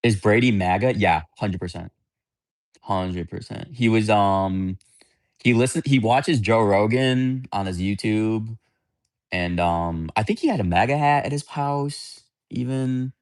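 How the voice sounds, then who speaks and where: Blunt, rambling man with a low voice. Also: unhurried, no room sound, clean studio sound. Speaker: livestream host. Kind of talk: casual livestream chat answering viewers.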